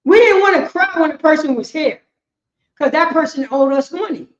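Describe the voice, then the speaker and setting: A woman, teaching a class in a preaching style, emphatic and repetitive, swinging between loud bursts and quiet asides. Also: high voice, moderate pace. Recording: echoey room, muffled lo-fi sound.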